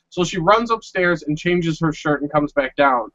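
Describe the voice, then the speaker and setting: High-voiced man telling exasperated stories. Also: moderate pace, no room sound. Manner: animated, exasperated storyteller who acts out quotes. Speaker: podcast co-host. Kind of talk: casual storytelling chat. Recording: muffled lo-fi podcast audio.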